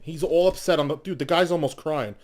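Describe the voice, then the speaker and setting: A man with a notably high voice rambles through a comic story in casual chat. He swears freely and laughs as he goes. He sounds like one of the hosts of a loose talk show. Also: fairly quick. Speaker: show co-host.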